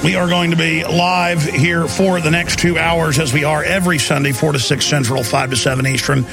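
A man's voice: a little high, fairly even intonation, normal speed, creaky, music in the background. A man hosting a talk radio show, ranting in an impassioned, sarcastic monologue from a studio.

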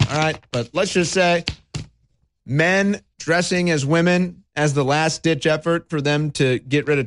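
A man hosting a talk radio show, mocking and sarcastic with dramatic pauses. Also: on the high side. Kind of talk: talk radio monologue and call-in.

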